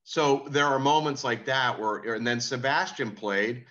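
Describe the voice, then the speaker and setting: Man, musician guest, bright tone, slightly dull audio, laid-back storytelling. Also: mid-range voice, measured pace. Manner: laid-back anecdotal, quoting others. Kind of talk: casual interview storytelling.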